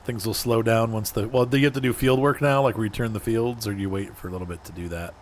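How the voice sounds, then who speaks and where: A man's voice: fairly low pitch, steady tone, fast talker, slight background noise. A man streaming a driving game, chatting casually and answering viewers in chat by name as he plays. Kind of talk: casual gameplay commentary.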